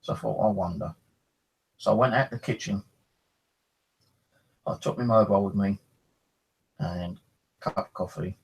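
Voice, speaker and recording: A man's voice: on the low side, normal speed, vocal fry, pauses often, slightly rough, low-quality recording. A man casually telling a rambling first-person story about a ghostly experience, swearing now and then. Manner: rambling, animated, swears freely. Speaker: paranormal storyteller.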